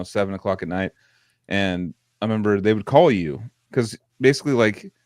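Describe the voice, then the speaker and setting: A man's voice: on the low side, clear, resonant tone, no room sound, studio quality. A man co-hosting a podcast, telling stories in loose, profane casual chat and laughing often. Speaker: podcast co-host.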